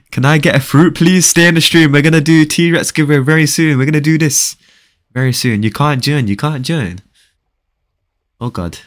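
A man's voice: on the high side, normal speed, pauses often. A young man, chatting casually on a live game stream and bantering with viewers. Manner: casual, bantering, reads viewer chat aloud.

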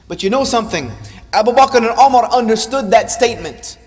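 A man's voice: very high voice, animated, a little fast, long reverb tail. A man preaching a sermon in an impassioned voice that rises and falls, repeating lines for emphasis. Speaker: Islamic preacher. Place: large hall or mosque.

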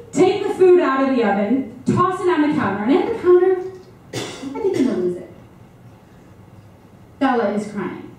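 A woman's voice: sits high, darkish tone. A woman in her thirties doing a brash, profane comic monologue on stage, talking straight to the audience. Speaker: mother performing a one-woman comedy show. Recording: echoey room picked up from far off with background noise.

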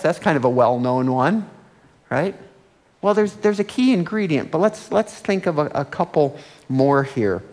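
Pastor, male, conversational sermon delivery with questions to the congregation, lively dynamics, long church reverb. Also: medium pitch. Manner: conversational preaching with rhetorical questions; animated, swings between loud and hushed. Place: church sanctuary.

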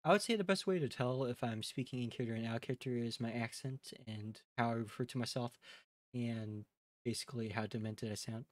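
Relaxed Midwestern man chatting on stream. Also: mid-range voice, brisk, no room sound, clean studio sound. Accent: Midwestern American. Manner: relaxed, rambling, addresses chat directly. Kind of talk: casual live-stream chat.

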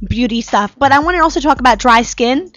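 Casual talk show lady, kinda high voice, lots of "like", muffled lo-fi stream audio. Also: animated, fast, fairly bright tone. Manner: chatty storyteller, full of "like" and "you know". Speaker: host. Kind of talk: casual chat. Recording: dull lo-fi live stream audio.

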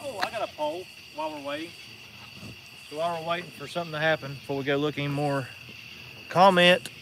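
Slightly high-voiced man, playful interjections. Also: vocal fry, background noise. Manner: quick short interjections, playful. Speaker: co-host. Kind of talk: casual live chat. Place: outdoors at night in the woods.

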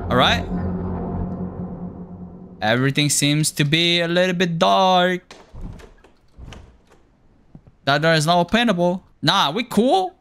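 A man's voice: high voice, expressive, measured pace, pauses often, fairly bright tone, faint music behind. A man giving horror game commentary, jumpy and panicky but joking and talking to himself as he plays. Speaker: gaming streamer.

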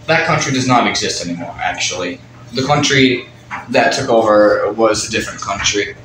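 A man's voice: lowish voice, moderate pace, a bit bright, reverberant, slight background noise, poor audio. A man performing a homemade puppet drama, chatty and rambling, who often breaks the fourth wall. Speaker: puppeteer voicing all characters.

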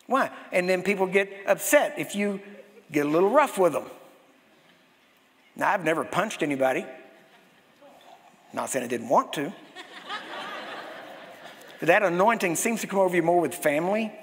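High-voiced preacher in a reverberant hall. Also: male voice, normal speed, long pauses. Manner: animated storytelling, acts out quoted voices. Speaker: pastor. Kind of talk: sermon.

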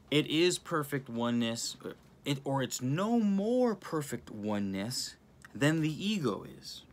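A man talks straight into his phone camera, excitable and rambling as he works through a viewer's comment. He restarts sentences constantly and drifts off on tangents. His pitch sits right in the middle for a man. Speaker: channel host. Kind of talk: casual spiritual talk filmed on phone.

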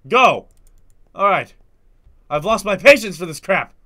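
A young man with a stuffy nose commenting on a horror game, muttering quietly to himself and then suddenly screaming. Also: animated, unhurried. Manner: jumpy, swings from low muttering to sudden screams. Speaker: gaming video host.

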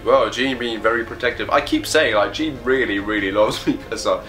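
A man's voice: medium pitch, moderate pace, few pauses, a bit bright, faint music behind. A man hosting a casual live reaction, reading a comic aloud and commenting in a chatty, enthusiastic way with hesitations.

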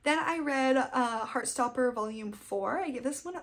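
High-voiced and speaking at normal speed, this young woman vlogs about books in a relaxed wrap-up chat. She gushes about her reads in a fangirly way.

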